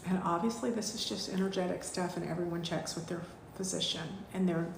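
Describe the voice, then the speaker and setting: A woman, teaching a live online spiritual class in a gushing, heartfelt way with drawn-out thank-yous. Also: lowish voice, steady tone, creaky, noisy background. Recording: echoey room.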